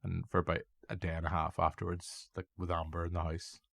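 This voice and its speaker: A man with a Northern Irish accent co-hosting a podcast, rambling and excitable, swearing and going off on tangents. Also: sits low, fairly quick, creaky, dry recording, studio quality. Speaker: podcast co-host. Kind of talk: casual chat.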